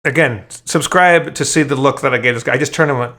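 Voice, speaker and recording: A man's voice: mid-range voice, fast talker, bright, forceful tone. A man telling a long story in casual podcast chat, rambling with frequent stammered restarts and swearing. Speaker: podcast host.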